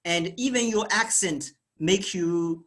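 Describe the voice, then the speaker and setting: A man's voice: sits high, takes it slowly, a bit bright. Chinese man talking with hesitant fillers. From China. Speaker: guest entrepreneur. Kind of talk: casual online discussion.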